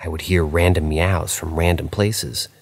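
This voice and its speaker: A man narrating true paranormal stories aloud, reading in a plain, unhurried way with small slips. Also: sits low, fairly even intonation, husky, no room sound. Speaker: story narrator.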